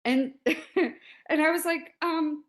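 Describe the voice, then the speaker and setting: A woman in her forties, a podcast guest telling a story in a lively, casual way and acting out quotes. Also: medium pitch, normal speed. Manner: animated, laughs often, acts out quotes.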